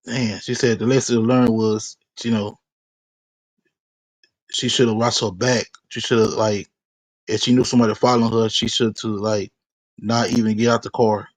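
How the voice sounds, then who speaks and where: A man telling his story in a street interview, halting and repeating himself often. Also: lowish voice, flat delivery, dry recording. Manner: halting, repetitive, many restarts.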